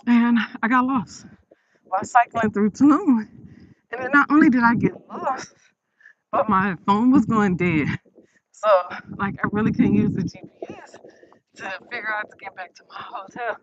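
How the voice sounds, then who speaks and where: A woman talks casually into her phone while walking outside late at night, her speech loose, rambling and often broken by laughter. The audio is dull and lo-fi, with the softened, muffled top end of a phone recording. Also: on the high side, normal speed, a little hiss or hum. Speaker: vlogger. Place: outdoors on a late-night walk.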